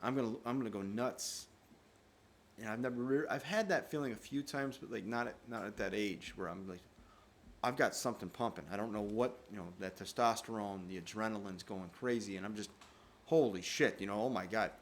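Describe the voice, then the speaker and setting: A man telling a personal story on his podcast in a profane, animated, laughing way. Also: lowish voice, a little fast, slight background noise. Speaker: podcast host.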